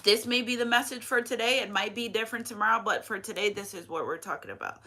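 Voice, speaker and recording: A woman's voice: medium pitch, fast talker, background noise. A woman in her thirties giving a casual spiritual reading as a medium, chatty and rambling, emotional, with many restarts and asides. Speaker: tarot reader and medium.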